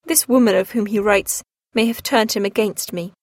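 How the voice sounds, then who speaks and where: A woman's voice: medium pitch, moderate pace, darkish tone, no room sound, studio quality, close to an everyday voice. A woman reading the lines of a grief-stricken, passionate young woman in a storybook reading, her delivery pleading and emotional. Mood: anguished.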